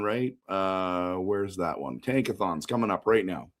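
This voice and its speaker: A man with a hoarse, worn-out voice hosting a casual live-stream post-game show, rambling, answering chat and breaking into excited outbursts. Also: on the low side, normal speed. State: hoarse, voice shot.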